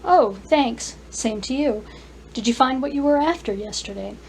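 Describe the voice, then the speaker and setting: Lady reading a no-nonsense young shop owner, quick and lively, bit high. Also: a little hiss or hum.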